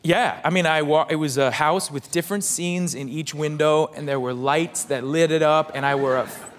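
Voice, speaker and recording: A man's voice: fairly high pitch, fairly even intonation, normal speed. A man, a talk show guest, telling a story with stammered restarts and bursts of laughter, acting out the lines he quotes. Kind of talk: animated anecdote telling.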